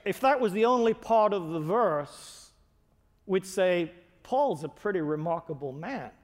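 A man's voice: high voice, animated, measured pace. A male pastor preaching a sermon, earnest and emphatic, leaning hard on key words. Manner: emphatic, earnest, builds to raised stresses. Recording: long hall reverb.

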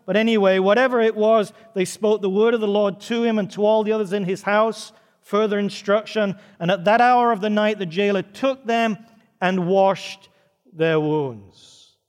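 A man's voice: sits high, steady tone, moderate pace, smooth. A man preaching a sermon, retelling a story with dramatic, varied pacing. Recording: reverberant church hall.

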